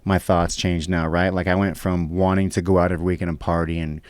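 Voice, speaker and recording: A man's voice: deep voice, level tone, a little fast, no room sound. A young man chatting casually on a podcast, rambling with lots of fillers and swearing. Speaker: guest, pro fighter.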